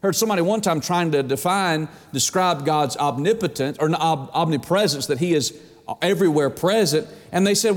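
A man delivers a sermon, slowing down to read scripture and slipping into homey anecdotes. His voice sits a bit high for a man, and the sound rings with the long reverb of a big hall. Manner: reads scripture slowly, tells folksy anecdotes. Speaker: pastor.

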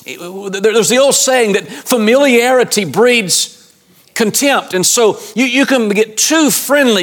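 A man's voice: high voice, a bit bright. A man preaching a sermon as pastor, speaking earnestly and colloquially straight to the congregation, often repeating and restarting words.

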